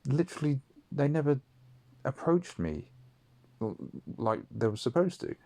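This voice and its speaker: A man's voice: mid-range voice, sing-song, unhurried, a little mellow. A man telling a story from his school days in a rambling, sweary, casual monologue with many ums. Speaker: audio diarist.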